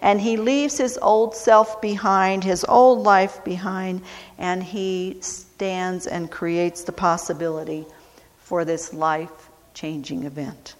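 Speaking in a lowish, fairly even voice, a woman preaches at a very unhurried pace, dwelling on every phrase. Key words come back again and again for emphasis as her sound trails off into long reverb in a hall.

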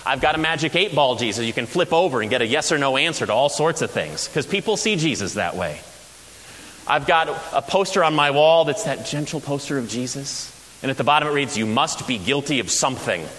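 A man's voice: medium pitch, brisk. Male pastor preaching, bouncy up-and-down voice, funny storyteller, faint hiss. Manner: animated storytelling with humor. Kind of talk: sermon. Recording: echoey hall with faint hiss.

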